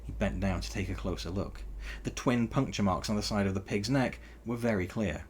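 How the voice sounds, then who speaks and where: A man reading a novel aloud in a wry, animated storytelling style. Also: on the low side, a little fast, slight background noise.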